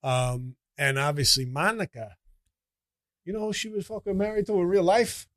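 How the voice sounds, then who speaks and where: Guy doing a loud jersey italian meathead, cursing and bragging nonstop, kinda high voice, dry close sound. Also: normal speed, dry recording. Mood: brash. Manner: brash, profane, bragging. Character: crude, boastful Italian-American man from New Jersey. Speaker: comedy character guest. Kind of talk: in-character comedic rant.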